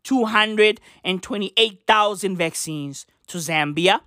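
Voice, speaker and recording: A woman's voice: mid-range voice, slow, bright, forceful tone, no echo, clean studio sound. A woman ranting through news commentary, profane and slangy, firing off rhetorical questions.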